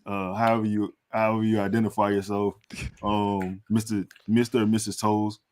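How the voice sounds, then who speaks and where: A man's voice: fairly low pitch, level tone, normal speed, darkish tone. A man co-hosting a live postgame sports show, bantering in laid-back slang. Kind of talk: live sports talk stream.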